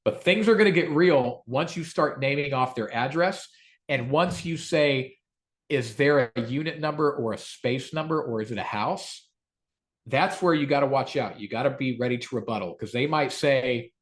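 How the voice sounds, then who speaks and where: A man teaching phone sales, acting out calm rebuttals in a lowered voice. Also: moderate pace. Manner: lively, acts out calm low rebuttals. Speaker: sales trainer. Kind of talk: sales training talk.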